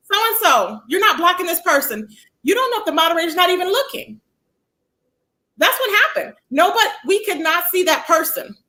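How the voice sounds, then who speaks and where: A woman's voice: high-pitched, sharp tone. A woman hosting a casual livestream, chatting animatedly about online drama and greeting viewers by name as baby and child. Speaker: livestream commentary host.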